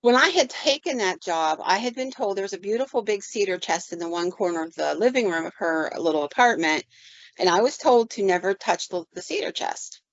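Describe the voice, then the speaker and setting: On a podcast, a woman tells a paranormal story from her own work in a chatty way, voicing the people involved. Her medium-pitched voice is animated and fairly quick, and the lo-fi recording has no room sound.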